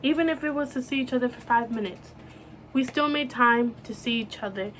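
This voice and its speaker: A young woman telling a personal story on her vlog, emotional and halting, with many restarts and filler words. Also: fairly high pitch, fairly bright tone, slight background noise. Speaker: vlogger.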